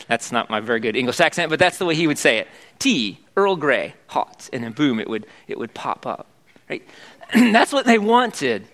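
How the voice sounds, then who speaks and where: Preaching in a conversational style, a middle-aged pastor puts questions to the congregation along the way. His voice is slightly high and a bit bright.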